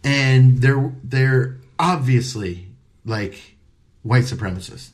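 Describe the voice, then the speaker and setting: A man's voice: mid-range voice, slow pace. A comedian telling a story in casual chat. He acts out the voices of people he quotes and swears freely.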